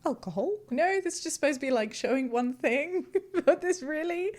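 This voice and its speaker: A woman's voice: high-pitched, expressive, normal speed, darkish tone. A woman hosting a casual reaction vlog, reading posts aloud and laughing often between remarks. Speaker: YouTuber host.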